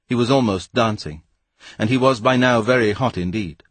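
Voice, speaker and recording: A man narrating a novel in a wry, measured reading voice. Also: medium pitch, slightly rough, no echo. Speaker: audiobook narrator. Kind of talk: storybook narration.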